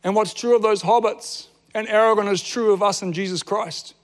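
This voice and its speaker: A man preaching a sermon, telling a story with stammered restarts and drawn-out dramatic pauses. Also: high-pitched, steady tone, in a large hall. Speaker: pastor.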